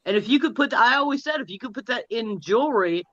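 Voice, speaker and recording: A middle-aged man chatting casually on a livestream, enthusiastic and quick to laugh. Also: very high voice, animated, fairly bright tone, no echo. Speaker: guest in a livestream chat. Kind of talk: casual chat. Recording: dry, dull lo-fi sound.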